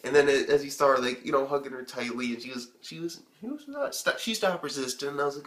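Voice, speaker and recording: A young man reviewing an anime episode on his own channel, talking in an excitable, rambling way and swearing often. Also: medium pitch, fast, few pauses, echoey room. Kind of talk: casual video review.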